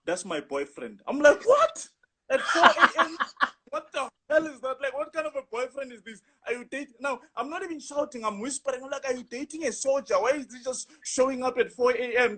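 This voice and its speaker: A young man with a husky voice, animatedly telling a rambling story in casual chat, full of "you know". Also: sits high, a bit bright. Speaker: guest storyteller.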